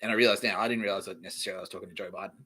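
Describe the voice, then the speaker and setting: A man with an Australian accent delivering a rambling, profane comedic monologue, repeating himself and swinging between loud outbursts and mumbling. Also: low voice, steady tone, racing, slightly rough. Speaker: podcast host.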